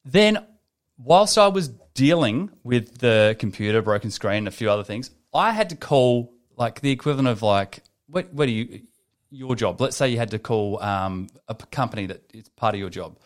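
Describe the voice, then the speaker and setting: A man's voice: mid-range voice, moderate pace. Sweary young man telling stories. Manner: swears a lot, animated storytelling. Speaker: podcast co-host. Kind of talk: casual podcast chat.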